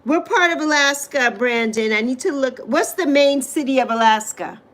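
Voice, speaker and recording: Chatty woman, fairly high voice. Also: moderate pace. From U.S. Virgin Islands. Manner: chatty and animated, with emphatic exclamations. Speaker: livestream host. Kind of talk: casual livestream chat, reading viewer comments.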